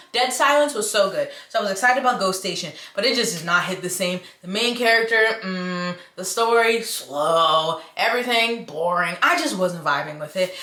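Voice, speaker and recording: A woman's voice: medium pitch, a bit bright, echoey room. A woman chatting casually to camera about books, frank and given to exaggerated reactions, recorded in a room at home. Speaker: book reviewer.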